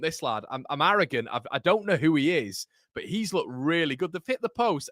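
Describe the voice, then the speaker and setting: A man hosting a live football watchalong, chatting casually with viewers and calling them mate, with loud bursts of excitement when goals go in. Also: on the high side, brisk, hardly any pauses, no echo, studio quality. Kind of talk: live match reaction chat with viewers. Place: home room.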